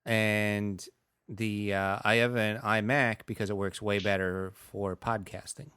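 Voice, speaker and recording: A lower-voiced man co-hosting a podcast, calm and deadpan, tossing in dry crude jokes. His voice sits close and dry on the mic. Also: measured pace, clear, resonant tone, dry recording. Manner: dry, deadpan one-liners. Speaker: podcast co-host. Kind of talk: casual comedic chat.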